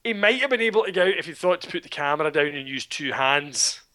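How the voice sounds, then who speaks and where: Scottish man, sharp bright tone, sardonic, casual film chat. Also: a little high, quick pace. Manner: sardonic, swearing, animated storytelling.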